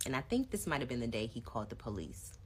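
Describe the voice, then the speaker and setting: A woman in her thirties telling a personal story to her viewers in a casual, animated way. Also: a bass voice, quick pace, slight background noise. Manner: animated storytelling, acts out both sides of arguments; casual, addresses viewers directly. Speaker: vlogger. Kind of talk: storytime vlog.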